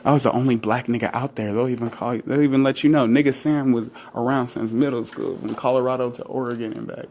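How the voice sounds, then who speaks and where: A man's voice: medium pitch, steady tone, quick pace, hardly any pauses, darkish tone, slight background noise. A young man ranting casually to the camera about his life. He rambles, swears a lot, laughs often and acts out what other people say in put-on voices. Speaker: vlogger.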